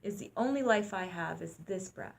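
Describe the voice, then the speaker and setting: A woman's voice: mid-range voice, expressive, normal speed, gravelly. A woman co-hosting a talk show, speaking in a reflective, earnest way about living in the present. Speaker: co-host. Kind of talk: reflective conversational chat.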